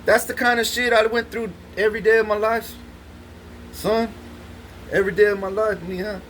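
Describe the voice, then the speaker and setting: A man's voice: high voice, level tone, normal speed, fairly bright tone, a little hiss or hum. A man telling rambling stories in a boastful way, swearing constantly and laughing between lines. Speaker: vlogger. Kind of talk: rambling profane storytelling.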